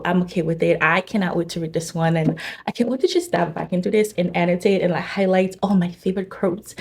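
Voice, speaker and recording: A woman chats about her reading in a casual vlog, her voice sitting at an ordinary middle pitch. She gushes and rambles, with plenty of fillers and restarts. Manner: chatty, gushing, filler-heavy. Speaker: book vlogger. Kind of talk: casual chat.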